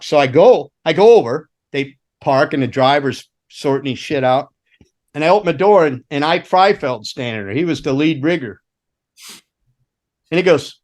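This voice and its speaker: A man's voice: fairly high pitch, animated, a little slow, darkish tone. An older man, a former roadie, telling rambling, profane road stories in casual chat, laughing and acting out quotes. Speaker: guest, former rock roadie.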